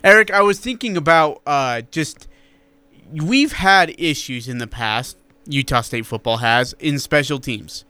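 A man's voice: on the high side, measured pace, pushed and bright, clean tone, no room sound. A man co-hosting a sports radio show, rambling and joking in casual talk.

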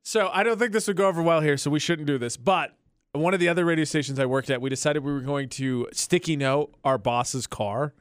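A man's voice: on the high side, brisk, clean tone, no room sound. A man hosting a radio morning show, telling stories with lots of laughter in a studio. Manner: animated storyteller, laughs often. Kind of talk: casual radio banter. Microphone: studio mic.

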